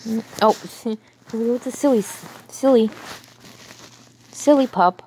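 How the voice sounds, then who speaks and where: A woman's voice: on the high side, measured pace, a little mellow, a little hiss or hum. Woman cooing playfully at her dogs. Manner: playful baby talk to dogs, chuckling. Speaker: dog owner filming her pets. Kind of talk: casual talk to pets. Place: home indoors.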